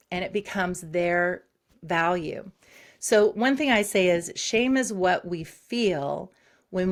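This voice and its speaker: Lower-pitched woman psychologist explaining. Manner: explains quickly with acted-out examples. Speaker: psychologist guest. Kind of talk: explanatory interview talk.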